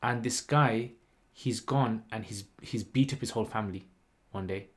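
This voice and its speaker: A man, hosting a livestream and telling a story in a rambling, lively way with lots of fillers. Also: lowish voice, normal speed. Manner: rambling, animated retelling with many "like" and "you know" fillers. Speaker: channel host.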